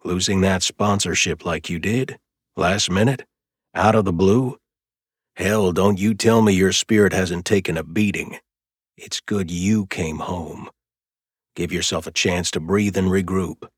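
A man voicing a caring, plainspoken older brother who talks in an easygoing, steady way. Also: sits low, measured pace, slightly rough, no echo, clean studio sound.

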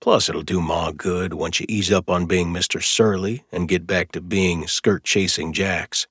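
A man voicing a caring, plainspoken older brother who talks in an easygoing, steady way. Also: deep voice, unhurried, husky, no room sound, clean studio sound, heavily acted.

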